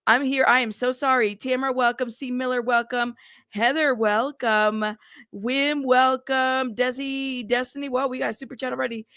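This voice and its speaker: A woman's voice: sits high, fairly even intonation, moderate pace, fairly bright tone, clean tone, dry recording, studio quality. A woman hosting a casual news livestream, chatty and blunt, who laughs often, greets her chat by name and has a slightly sick throat.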